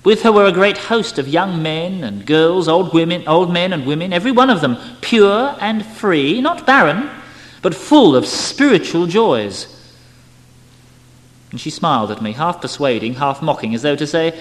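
Male reader, emotional memoir delivery with animated pitch, recorded in a reverberant hall. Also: normal speed. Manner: expressive, emotional, wide swings in loudness. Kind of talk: dramatic reading of a spiritual memoir.

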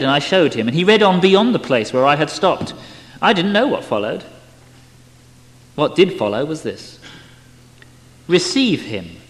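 A man giving an expressive, emotional dramatic reading of a spiritual memoir, his loudness swinging widely. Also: a little high. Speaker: reader. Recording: long hall reverb.

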